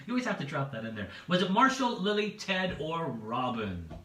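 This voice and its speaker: Lively bright-voiced male quiz host. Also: on the high side, moderate pace, recorded from a distance, slight background noise. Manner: chatty, repeats each question, laughs at own jokes. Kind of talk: livestreamed pub quiz hosting. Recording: echoey room, away from the mic.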